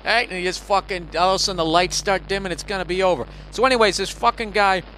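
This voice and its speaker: A man's voice: high voice, fairly even intonation, fast talker, sharp tone, a little hiss or hum, poor audio. A man hosting a podcast, ranting in a rambling, profane, sarcastic way from a hotel room on a single microphone. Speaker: podcast host. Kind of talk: rambling comedic podcast rant. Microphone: single microphone, no headphones.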